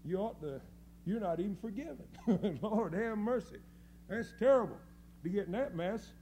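A man preaching a fiery sermon, folksy and scornful, dropping to low mutters and rising to loud cries. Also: lively intonation, normal speed, a little hiss or hum. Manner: folksy, scornful, with mocking quoted voices.

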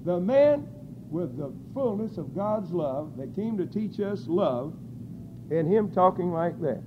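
A man preaching a sermon, crying out scripture at full force and then dropping to quiet, low asides. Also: animated, takes it slowly, lo-fi sound, noisy background.

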